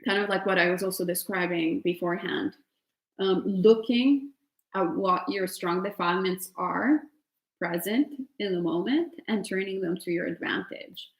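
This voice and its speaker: An Italian woman with a lowish voice and an Italian accent speaks at normal speed as a meditation teacher. She answers questions at an online retreat in a casual, chatty way, full of fillers and laughter, and the recording has a roomy echo.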